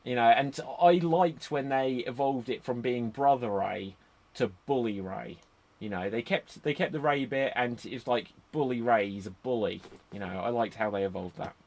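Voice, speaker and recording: A man's voice: mid-range voice, moderate pace, a little mellow. A man hosting a casual chat, rambling into enthusiastic tangents, speaking into a computer microphone on a remote call. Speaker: podcast host.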